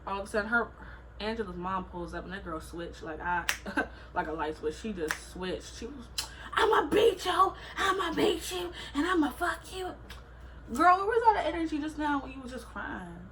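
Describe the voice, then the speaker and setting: A woman's voice: mid-range voice, fairly bright tone, slight background noise, low-quality recording. A young woman vlogger telling a story in a casual, slangy way, acting out what people said.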